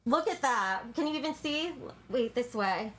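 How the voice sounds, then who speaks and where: A woman's voice: high-pitched, lively intonation, moderate pace, a bit bright. A woman hosting a casual livestream, talking to her chat in a crude, joking, bubbly way, sometimes out of breath. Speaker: livestream host.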